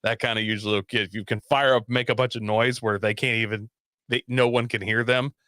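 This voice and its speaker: A man's voice: mid-range voice, fairly quick, no room sound, clean studio sound. Laughing, profane man telling a story. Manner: animated, profane, laughs often. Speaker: podcast guest telling a story. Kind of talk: casual storytelling chat.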